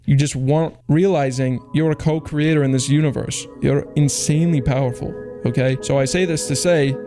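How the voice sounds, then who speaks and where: A man's voice: fairly high pitch, steady tone, mellow. Intense young man preaching over music. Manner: intense, rapid, profane, self-help preaching with mocking put-on quotes. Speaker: streamer opening cases. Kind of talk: rambling motivational monologue. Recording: music playing underneath.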